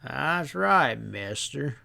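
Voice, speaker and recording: A man reading an audiobook, voicing a sly young stableman who talks in a placid, slow drawl. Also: mid-range voice, sing-song, creaky, sharp tone, exaggerated voice.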